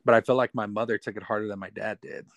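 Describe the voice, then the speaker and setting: Man, 30s, candid, profane, casual storytelling, animated retellings. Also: fairly low pitch, quick pace. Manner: candid, profane, quotes others in lively retellings. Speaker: interview guest.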